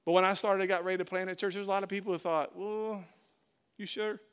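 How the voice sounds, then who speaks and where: High-voiced emphatic male pastor preaching. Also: level tone, rapid-fire, fairly bright tone, clean tone. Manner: emphatic, repeats phrases, direct address. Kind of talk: sermon.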